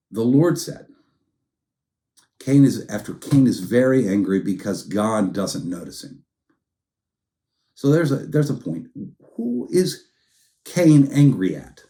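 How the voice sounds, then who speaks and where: Lively, mellow-voiced male pastor preaching. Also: medium pitch. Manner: conversational storytelling, acts out quotes in different tones. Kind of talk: sermon.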